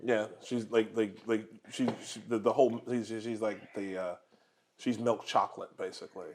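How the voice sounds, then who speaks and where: A man's voice: fairly low pitch, steady tone, moderate pace, crowd noise. A man hosting a casual political chat over dinner at home, rambling with lots of restarts and fillers and laughing often. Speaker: host.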